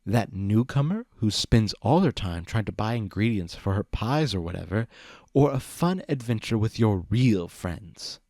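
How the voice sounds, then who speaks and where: A man's voice: lowish voice, expressive, unhurried, darkish tone, no room sound, clean studio sound. A man voicing a mischievous, smug male chaos spirit in a storybook reading, teasing and drawn out.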